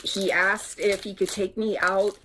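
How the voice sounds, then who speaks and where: A woman's voice: mid-range voice, flat delivery, unhurried, a bit bright, slight background noise. A woman vlogger telling candid dating stories in a casual, conversational storytime way. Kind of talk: chatty storytime vlog.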